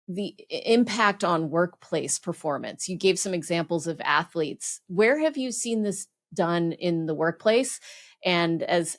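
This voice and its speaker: A woman hosting an interview, asking questions and reacting with short exclamations. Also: fairly low pitch. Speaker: interview host. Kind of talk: interview conversation.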